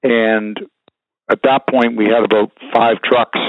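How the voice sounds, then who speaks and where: A man's voice: lowish voice, flat delivery, slow, no echo. A frank, folksy older man who rambles through trucking advice and old stories, filler words and all. His voice comes through thin and phone-like. The sound is dry, with no room around it. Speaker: guest, trucking business veteran. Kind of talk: casual advice and storytelling.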